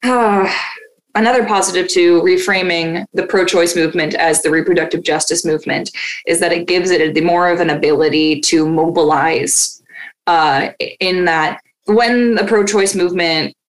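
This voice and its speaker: A woman's voice: fairly low pitch, normal speed, rough recording. A woman co-hosting a casual political discussion, passionate and profane, with occasional laughs. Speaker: podcast co-host.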